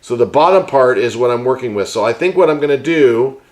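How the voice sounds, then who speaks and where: A man's voice: medium pitch, expressive, brisk, darkish tone. Chatty man explaining a craft tutorial. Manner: chatty, explains step by step while working with his hands. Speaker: host and puppet maker.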